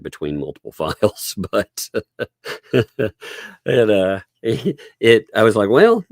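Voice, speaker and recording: Low gravelly man. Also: a little mellow, no room sound. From Oklahoma. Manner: rambling, chuckles often, thanks viewers. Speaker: livestream host. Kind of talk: casual live stream chat.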